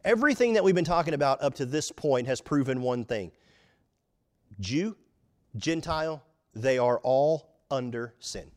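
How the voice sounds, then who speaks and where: Emphatic preaching man, fairly high voice. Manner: emphatic preacher, repeats words, acts out inner voices. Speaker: pastor. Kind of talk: sermon.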